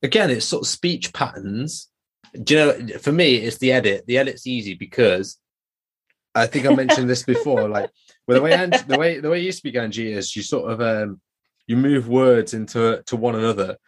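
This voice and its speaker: A man's voice: medium pitch, normal speed. A man with an East Midlands English accent, co-hosting a podcast in a teasing, casual chat. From Nottingham, England. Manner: lively, teasing. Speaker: podcast co-host.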